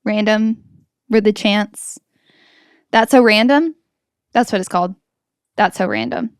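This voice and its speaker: A woman's voice: medium pitch, unhurried, smooth, no room sound, studio quality. A woman co-hosting a podcast, chatting casually and telling stories with quoted voices. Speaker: podcast co-host. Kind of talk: casual chat.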